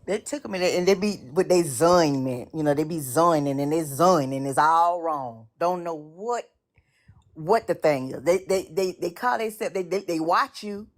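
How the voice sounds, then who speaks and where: Woman, very low voice, casual chat, rambling and repetitive delivery. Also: moderate pace. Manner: rambling, repeats words, many fillers. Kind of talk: casual conversation about church experiences.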